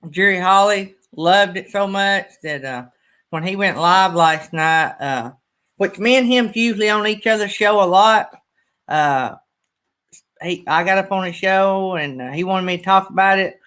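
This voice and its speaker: Bright-voiced man chatting casually. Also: high voice, measured pace, clear, resonant tone. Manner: rambling, folksy, emotional, near tears. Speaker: channel host. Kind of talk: casual livestream chat.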